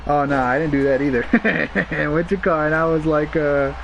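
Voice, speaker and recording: A man chatting as co-host, telling animated stories, laughing often and calling his friend bro. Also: fairly high pitch, moderate pace, vocal fry, highs cut off, background noise. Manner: animated storyteller, laughs a lot, says bro. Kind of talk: casual chat.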